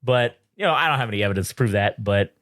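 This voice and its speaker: Animated, profane young man podcaster. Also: on the low side, quick pace, no echo, clean studio sound. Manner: profane, animated storytelling with mocking voices. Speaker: podcast co-host. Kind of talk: casual chat.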